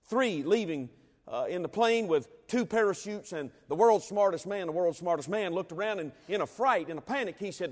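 A man preaches in a folksy, dramatic style, swinging into emphatic rises. His voice sits fairly high for a man. Long reverb rings out around him in a large hall. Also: animated, moderate pace. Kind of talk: sermon with a humorous story.

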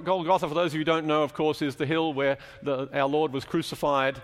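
A man's voice: a little high, fairly even intonation, brisk, hardly any pauses, in a large hall. A man preaching a sermon in a chapel, explaining scripture and asking the congregation questions as he teaches.

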